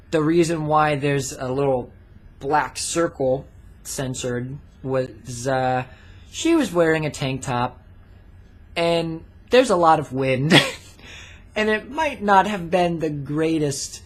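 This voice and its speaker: A young man vlogging a story in a rambling, casual way with plenty of swearing and fillers. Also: fairly high pitch.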